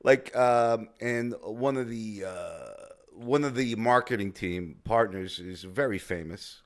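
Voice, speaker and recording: A man appearing as a comedian guest on a podcast, with a somewhat low voice. He tells stories haltingly and keeps restarting his sentences. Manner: halting storyteller with many restarts. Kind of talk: casual chat.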